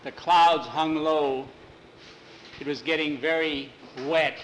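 A man's voice: steady tone, slow, fairly bright tone, slight background noise, rough recording. Man telling a spooky story aloud. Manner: unscripted retelling with restarts, lifts pitch for scared boys. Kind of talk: spoken storytelling, voicing characters.

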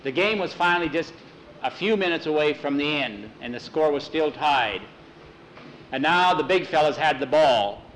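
Man, folksy storyteller, animated, fairly high voice. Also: normal speed, a little hiss or hum, low-quality recording. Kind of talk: told story narration.

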